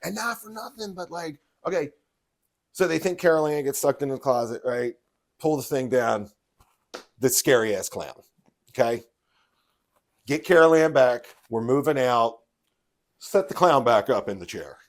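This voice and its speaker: A man's voice: mid-range voice, moderate pace, pauses often. A man, co-hosting a podcast in casual chat and telling stories with lots of laughter. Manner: animated storytelling, laughs often. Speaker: podcast co-host.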